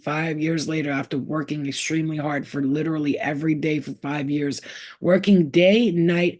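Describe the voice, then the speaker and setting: A woman's voice: low-pitched, a little mellow. A woman who works as a spiritual healer, speaking bluntly and with lots of swearing as she gives her viewers a casual pep talk. She talks straight to the listener and keeps repeating her points. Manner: blunt and profane, emphatic.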